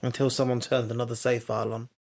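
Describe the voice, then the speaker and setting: A man's voice: mid-range voice, flat delivery, quick pace, gravelly, a little mellow. A man co-hosting a podcast, chatting casually in a blunt, teasing and playfully stubborn way. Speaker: podcast co-host. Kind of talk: casual chat.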